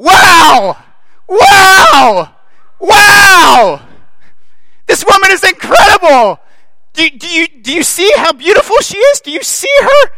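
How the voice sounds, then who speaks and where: A man playing God, shouting with joy. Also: very high-pitched, sing-song, slow pace, dry recording, voice pushed up, heavily acted, low-quality recording. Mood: ecstatic. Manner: shouting, gushing, repeating himself. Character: God as an overjoyed, doting male deity.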